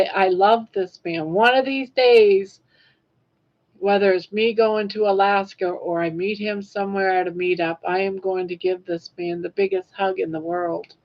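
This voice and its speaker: A woman in her sixties hosts a casual livestream, chatting emotionally with viewers and reading their comments. Her mid-range voice is fairly even and measured, and the recording's highs are cut off.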